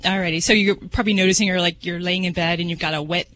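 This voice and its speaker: A woman's voice: lowish voice, steady tone, quick pace, slight background noise, low-quality recording. A woman veterinarian answering a caller on a radio show, chatty with lots of "um"s. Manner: warm, chatty, says um a lot. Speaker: veterinarian guest. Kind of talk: explaining on a call-in radio show.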